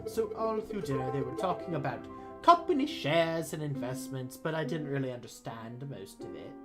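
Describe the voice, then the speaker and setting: A streamer voicing a young noble lady held in prison, anxious and talkative, high and a little shaky, while playing through a game with guitar music behind. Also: very animated, normal speed, natural voice. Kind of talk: voice acting a video game playthrough.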